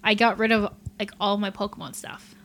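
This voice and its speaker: A woman guest on a podcast, talking in a casual, animated way with lots of fillers. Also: mid-range voice, brisk, slight background noise. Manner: animated, rambling, many fillers.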